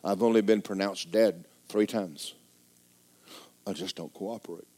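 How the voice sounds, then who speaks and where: A middle-aged man preaching a folksy, joking sermon in a church, swinging between loud exhortation and quiet asides. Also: sits low, steady tone, a little slow, slight background noise. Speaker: pastor.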